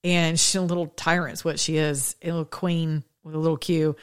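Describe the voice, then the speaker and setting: A woman's voice: sits low, little pitch movement, normal speed, smooth. A woman hosting an opinion podcast, talking in a sarcastic, combative way and laughing often. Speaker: podcast host. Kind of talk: opinion monologue.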